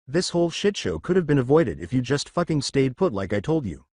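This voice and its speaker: A man voicing a furious, contemptuous teenage boy hero who yells insults, with a lively, swinging pitch in a dry recording. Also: brisk, no room sound. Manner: yelling insults.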